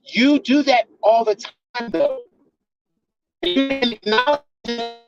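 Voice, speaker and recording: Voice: mid-range voice, slow, over music. A channel host lecturing a partner in a heated, confrontational rant full of swearing, on a slightly dull lo-fi recording.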